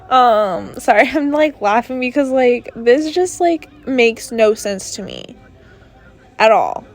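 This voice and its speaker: A woman's voice: fairly high pitch, big pitch swings, unhurried, faint music behind. A young woman hosting a casual solo podcast from her bedroom, rambling through stories with lots of fillers and asides. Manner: chatty, rambling with many fillers. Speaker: podcast host. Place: bedroom at her parents' home.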